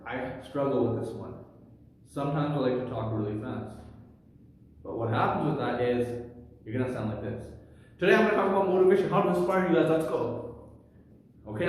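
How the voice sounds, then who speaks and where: Energetic man in an echoey room. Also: medium pitch, slight background noise. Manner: energetic, animated, loud. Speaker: public speaking vlogger. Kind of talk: instructional talk to camera. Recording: echoey room with long reverb.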